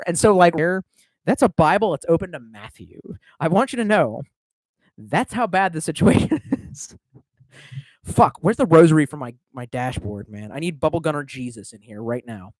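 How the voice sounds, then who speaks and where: A man's voice: fairly high pitch, very animated, normal speed, no echo. A young man streaming, telling a long rambling story in casual, profane talk.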